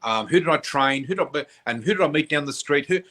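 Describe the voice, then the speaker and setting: A man in his sixties, chatting as a guest and telling stories in an animated way, repeating phrases for emphasis. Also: a little high, fast talker. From Australia. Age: 60s. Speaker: guest psychic. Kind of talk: casual conversational storytelling.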